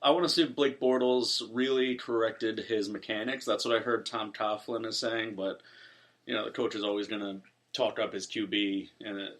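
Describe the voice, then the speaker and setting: A man's voice: lowish voice, fairly even intonation, normal speed, a bit bright. A man who works as a voice actor, laughing often and talking sports on a podcast. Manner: laughs often, rambling with restarts. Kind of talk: casual sports podcast chat.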